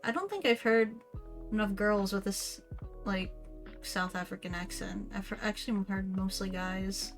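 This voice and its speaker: A woman's voice: mid-range voice, moderate pace, faint music behind. A woman chatting casually beside a stream host, easygoing and hesitant, with frequent fillers. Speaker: co-host, partner. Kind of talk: casual chat.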